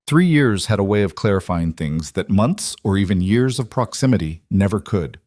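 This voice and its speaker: A man with a low voice reads a drama story aloud in an even, measured way. The recording is dry and close to the mic, with no room sound behind it. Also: no echo. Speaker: narrator. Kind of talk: scripted narration.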